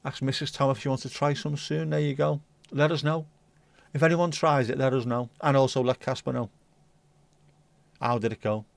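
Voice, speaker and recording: A man's voice: medium pitch, steady tone, normal speed, creaky, long pauses, no room sound. A man hosting a livestream, chatting bluntly and rambling through viewer comments with the odd swear. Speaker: livestream host. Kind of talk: casual chat reading viewer comments.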